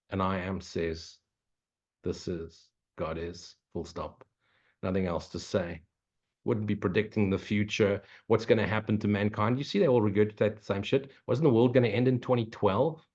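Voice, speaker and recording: A low-voiced man gives a spiritual Q&A talk in a blunt, profane, joking way. The recording is dull and lo-fi. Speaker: spiritual teacher. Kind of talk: casual Q&A talk. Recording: muffled, lo-fi recording.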